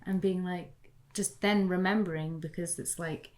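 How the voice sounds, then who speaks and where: A woman's voice: fairly low pitch, steady tone, moderate pace. A woman from the UK in a casual, reflective conversation, talking chattily and saying "like" often. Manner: chatty, heavy use of "like". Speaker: guest.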